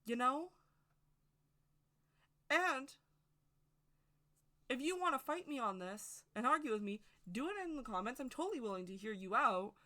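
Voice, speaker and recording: A woman's voice: a little high, expressive, normal speed, pauses often, sharp tone. A woman giving a casual, rambling opinion monologue to camera as a witchcraft video creator, speaking emphatically and straight to her viewers.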